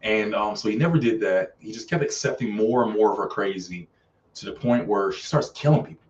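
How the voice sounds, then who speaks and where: Man, low voice, casual film reviewer, chatty with lots of ums, heard from a distance. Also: fairly quick, lo-fi sound, a little hiss or hum. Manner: chatty, many fillers, acts out characters' lines. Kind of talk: casual live-stream review.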